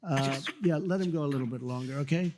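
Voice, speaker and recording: Older guy going on and on mocking someone, kinda high voice, echoey hall with faint noise. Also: fast talker, darkish tone. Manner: repetitive, mocking, digressive. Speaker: politician speaking at rallies and on a podcast. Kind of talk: rambling rally speech and podcast chat. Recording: roomy reverb with faint background noise.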